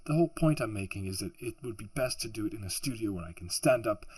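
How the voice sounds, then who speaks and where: Recorded at home on a laptop mic behind a makeshift pop filter, a man with a lowish, slightly rough, a little mellow voice speaks expressively at a quick pace, with no room sound. He narrates audiobooks as a hobby and, sore-throated, hot and sweaty, launches into a frustrated off-script rant, restarting and sighing as he rambles.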